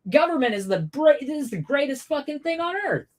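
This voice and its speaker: A woman's voice: high voice, big pitch swings, normal speed, a little mellow. A woman hosting a livestream, delivering an angry, profane, emphatic political rant. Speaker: livestream host. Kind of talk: ranting political commentary.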